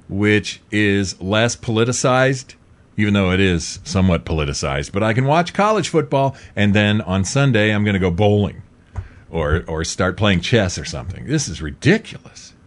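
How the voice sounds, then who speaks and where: A middle-aged male host with a fairly low voice that keeps leaping up and down in pitch. He talks in an emphatic, repetitive way. His opinionated monologue swings between loud outbursts and muttered asides. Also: animated, normal speed. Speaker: talk show host.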